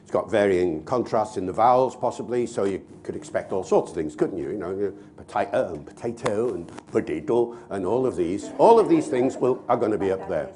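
An older man, a linguist, explaining points in a lively, conversational way with the odd filler. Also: lowish voice, a little fast, hardly any pauses. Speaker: linguist guest.

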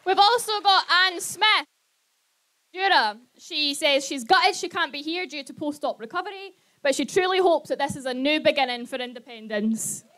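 A woman with a fairly high voice compering a rally. She reads out messages and introduces the next speaker in an upbeat announcing manner. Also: normal speed, sharp tone.

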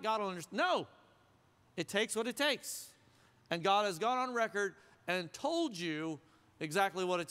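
A male pastor gives a casual, joking sermon and keeps checking in with the congregation. His voice is smooth and clear, pitched high. It rings out with the long reverb of a large hall. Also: pushed and bright. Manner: conversational, joking, asks the crowd questions. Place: church sanctuary.

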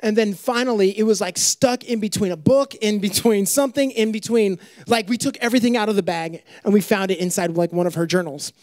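Animated joking male preacher. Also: high-pitched, brisk, hardly any pauses, dry recording. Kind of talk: sermon to young adults.

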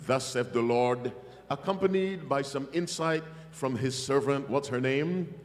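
A man's voice: medium pitch, a little slow, long reverb tail. A man preaching a revival sermon to a congregation, emphatic and calling for their responses. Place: church hall.

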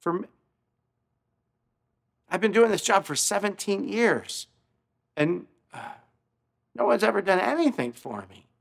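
A pastor acting out a grateful middle-aged male garbage collector, choked up and halting. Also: high voice, big pitch swings, gravelly, breathy edge, pitched above the performer's own voice, full character voice. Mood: moved.

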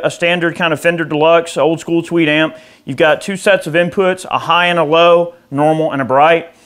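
A man's voice: fairly high pitch, a bit bright. A man hosting a guitar gear video, talking in a loose, chatty way with lots of fillers and restarts. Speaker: host of a guitar gear channel. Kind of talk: casual gear demo talk.

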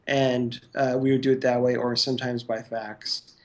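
A man's voice: medium pitch, little pitch movement, moderate pace, a little mellow. A man recounting his work as a guest on an interview podcast, speaking loosely and filling his sentences with "like" and "you know". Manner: rambling, full of "like" and "you know". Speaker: guest stop-motion animator. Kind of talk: casual interview recollection.

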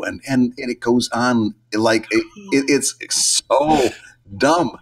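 A man's voice: medium pitch, slow pace. A middle-aged man co-hosting a podcast in casual chat, telling stories and acting out quotes. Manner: chatty, animated, acts out quotes. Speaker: podcast co-host.

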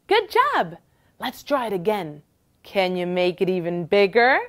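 A woman hosting a bilingual children's lesson, speaking in an encouraging sing-song way. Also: on the low side. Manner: slow, lively, encouraging sing-song delivery. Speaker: children's teacher host.

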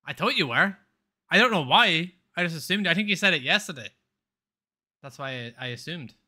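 A man's voice: on the high side, expressive, normal speed, pushed and bright. A man chatting casually on a live game stream, rambling, swearing freely and laughing often.

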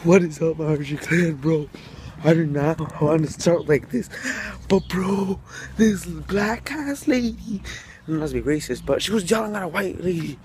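A young man vlogging outdoors while walking down a city street, telling a story in excited slang and calling his viewers bro. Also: fairly high pitch, moderate pace, a little hiss or hum. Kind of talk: casual vlog chat.

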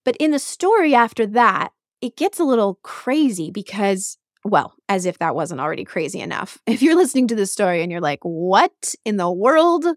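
A woman podcast host retelling a myth in an animated, chatty way, with asides to the listener. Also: mid-range voice, fairly quick, few pauses, no echo, studio quality.

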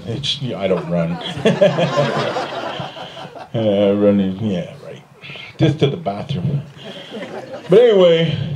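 On stage before a live audience, a man doing stand-up tells a long story, jumping into high, put-on voices for the other people in it. He laughs often at his own jokes, and there's background noise.

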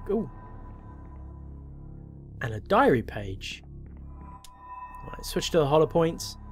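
A man playing a horror game and commenting on it, wry and self-mocking as he thinks aloud. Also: fairly high pitch. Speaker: gameplay commentator. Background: faint game music.

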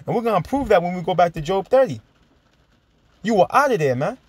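Emphatic preacher, high voice. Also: male voice, big pitch swings, no room sound. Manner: emphatic, repeats "man", chuckles, reads verses slowly. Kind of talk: sermon-style Bible teaching.

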